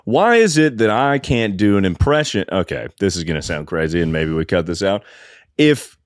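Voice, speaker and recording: A man's voice: low-pitched, expressive, normal speed, no room sound, studio quality. A man co-hosting a comedy podcast, talking in a rambling, profane way and going off on tangents. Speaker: podcast co-host. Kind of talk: casual comedy podcast chat.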